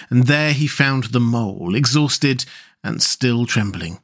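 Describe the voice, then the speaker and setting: Man, storyteller, mid-pitched, measured reading, expressive. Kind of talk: reading a children's classic aloud.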